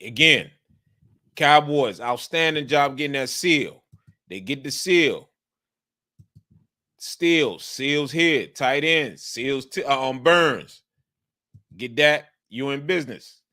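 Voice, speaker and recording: A man's voice: medium pitch, slow pace, long pauses. A man breaking down football game film in casual commentary, repeating his points and speaking with an emphatic coaching tone. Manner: repetitive, emphatic, coaching tone, breaks into animated outbursts.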